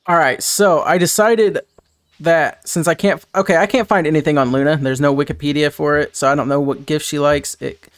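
A young man giving rambling, chatty let's-play commentary as a gaming host. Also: fairly high pitch. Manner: rambling, chatty, self-correcting.

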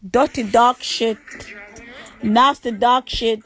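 A woman with a Jamaican accent ranting on a phone livestream, crude and taunting, repeating insults and sometimes shouting. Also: a little high, steady tone, slow. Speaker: livestream host. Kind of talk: angry livestream rant.

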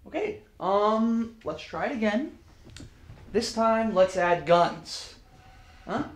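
A young man playing a bossy, exasperated film director who yells orders. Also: high-pitched, lively intonation, slow. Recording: echoey room with faint noise.

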